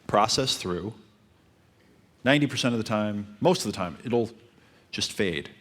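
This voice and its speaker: A man with a fairly low voice gives dating advice. He speaks calmly and steadily. He keeps circling back to the same points. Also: measured pace. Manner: calm, repetitive advice-giving. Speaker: dating coach. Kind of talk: coaching talk.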